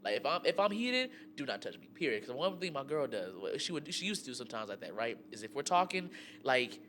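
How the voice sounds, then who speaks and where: A young man co-hosting a radio talk show, telling relationship stories in an animated, slangy way with lots of fillers. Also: medium pitch, fast, background noise. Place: radio studio.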